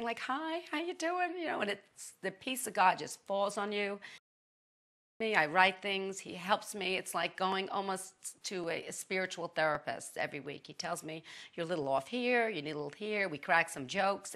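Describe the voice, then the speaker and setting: A middle-aged woman chatting as an interview guest, lively and full of restarts. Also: mid-range voice. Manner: chatty, animated, with many restarts. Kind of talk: casual testimony.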